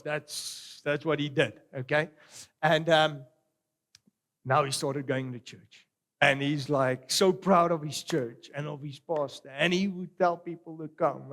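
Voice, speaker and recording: A middle-aged man preaching a sermon, animated and swinging between loud exclamations and quiet storytelling. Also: a little high. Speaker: pastor.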